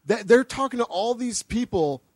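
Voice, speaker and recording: A man's voice: very high-pitched, expressive, moderate pace, darkish tone, husky, no echo, studio quality. A man co-hosting a comedy podcast, adding wry asides about a movie. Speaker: podcast co-host. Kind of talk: casual comedic movie recap.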